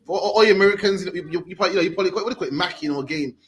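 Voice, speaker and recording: A man's voice: high-pitched, very fast, a bit bright. A British man in his thirties preaching in the street, emphatic, tagging "man" onto his sentences. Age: 30s. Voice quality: emphatic, repeats "man" at line ends.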